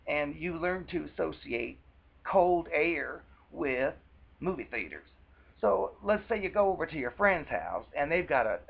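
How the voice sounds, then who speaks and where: Man with a country twang, husky and gravelly, rambling earnest advice vlog. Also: on the high side, lo-fi sound. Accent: American country twang. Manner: rambling, earnest, with many restarts. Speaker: vlogger. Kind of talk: casual advice monologue.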